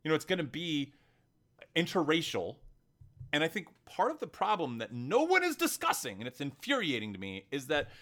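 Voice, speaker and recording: A man's voice: a little high, normal speed. A man co-hosting a podcast, talking in a heated, emphatic way during a casual discussion. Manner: animated, emphatic, heated storytelling. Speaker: podcast co-host.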